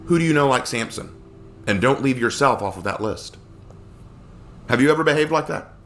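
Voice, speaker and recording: A man teaching a casual Bible study, expressive and acting out quoted lines in character voices. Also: mid-range voice, normal speed, soft background music.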